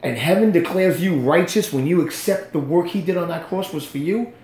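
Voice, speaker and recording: A man in his fifties telling his faith story in an animated, preacher-like way during a conversation. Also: fairly high pitch, fairly quick, reverberant, background noise. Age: 50s. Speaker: guest.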